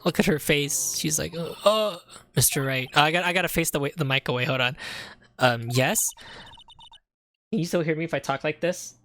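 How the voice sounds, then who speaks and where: A woman's voice: deep voice, fairly quick, pauses often, a bit bright. A woman streamer reading out a game and commenting in a casual, joking way, swearing and laughing at herself.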